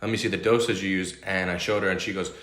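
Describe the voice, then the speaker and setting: Low-voiced New York man telling stories. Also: steady tone, fast talker, fairly bright tone. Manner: profane, rambling comic storytelling. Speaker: podcast host. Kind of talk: casual storytelling chat. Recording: echoey room.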